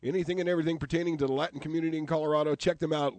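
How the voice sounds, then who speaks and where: A man's voice: a little high, fairly even intonation, racing, a little mellow, dry recording. Jokey radio host man, dry studio sound. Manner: jokey, upbeat, plain-spoken. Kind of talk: casual radio talk.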